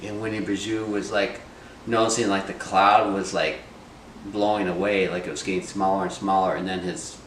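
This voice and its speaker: A man's voice: sits low, level tone, normal speed, a bit bright, reverberant, recorded from a distance, a little hiss or hum, rough recording. A man telling a folk tale in a loose, chatty way, full of fillers. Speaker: storyteller. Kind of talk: casual storytelling of a folk tale.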